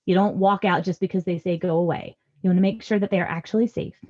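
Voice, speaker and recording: A woman's voice: mid-range voice, steady tone, fast, dull audio. A woman in her thirties giving earnest, reassuring parenting advice in a podcast conversation. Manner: earnest and reassuring, acts out parent lines softly. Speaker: parenting guest expert.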